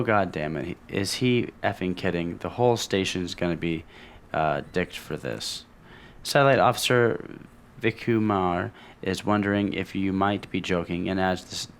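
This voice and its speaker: A man's voice: low-pitched, creaky, a little hiss or hum. A man casually commenting on a video game as he plays, reading its dialogue aloud between offhand remarks. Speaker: let's play host.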